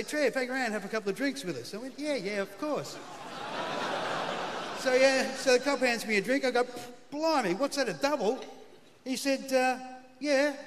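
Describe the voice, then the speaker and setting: Faint crowd noise and long hall reverb surround a middle-aged Australian comedian performing on a large live television stage. His very high, fairly bright voice delivers a comic story in a laconic way, each beat aimed at a punchline.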